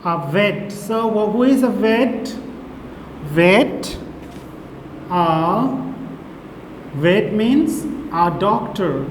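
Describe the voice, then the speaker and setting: A man's voice: high voice, animated. A male teacher giving a recorded English lesson to young children, spelling out each word letter by letter. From Bangladesh. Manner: slow, spells words letter by letter. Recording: echoey room with faint hiss.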